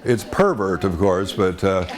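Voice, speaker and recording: A man's voice: low voice, expressive, unhurried, over a noisy crowd. A man from Texas with a Texan accent, telling folksy anecdotes in a wry, good-humored way and chuckling often. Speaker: storyteller.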